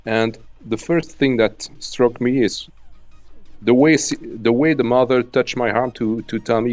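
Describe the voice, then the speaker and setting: A man's voice: mid-range voice, steady tone, measured pace, darkish tone, dry recording, soft background music. A man with a French accent, chatting casually as a guest, often restarting and searching for English words. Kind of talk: casual chat.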